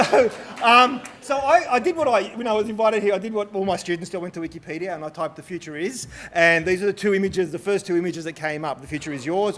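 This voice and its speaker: A man giving a humorous, self-deprecating conference talk on stage in a large hall, full of restarts and asides. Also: high-pitched. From Australia. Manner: lively, joking, self-deprecating, many restarts. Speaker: conference speaker.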